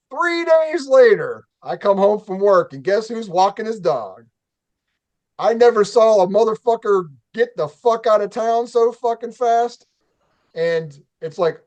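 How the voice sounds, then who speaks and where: High-voiced man telling a profane story. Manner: animated, profane storytelling with acted-out quotes. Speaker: show host. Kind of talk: casual chat, telling a story.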